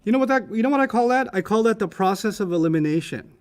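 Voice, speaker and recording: A man's voice: high-pitched, fast talker. Playful man teaching grammar. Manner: playful, teasing, animated explaining. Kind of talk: casual lesson with students.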